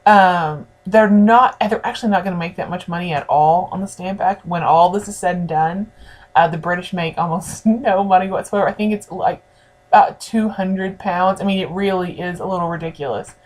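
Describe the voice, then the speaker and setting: An American woman with a fairly low voice teaches a history lesson at a moderate pace. She talks to her students directly and conversationally in this recorded classroom lecture.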